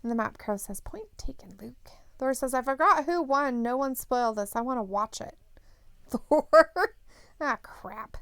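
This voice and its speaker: A woman's voice: fairly high pitch, unhurried, a bit bright, clean tone, dry recording. A woman co-hosting a live stream in casual chat, laughing often as she reads viewer comments aloud.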